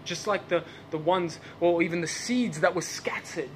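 A man's voice: high voice, moderate pace, a little hiss or hum. A man preaching a sermon in a church service, with English as his second language, asking repeated questions and laughing at his own asides. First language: not English.

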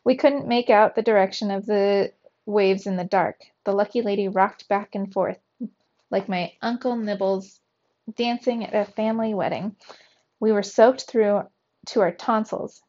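A woman's voice: mid-range voice, a little slow. A woman teacher reading a children's adventure story aloud, livening up the dialogue with extra energy. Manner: lively, voices the dialogue with raised energy. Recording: slightly dull, lo-fi sound.

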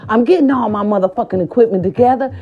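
A woman vlogger telling a story and then giving a pep talk, animated and profane, slipping into quoted voices. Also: on the high side, quick pace, slightly rough. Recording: dull lo-fi recording with faint music.

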